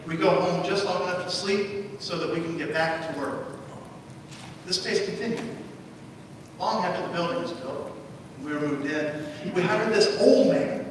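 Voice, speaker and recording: Male pastor, higher voice, storytelling sermon with dry wit; distant mic, long church reverb. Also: a bit bright, a little hiss or hum. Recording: echoey church hall from far off.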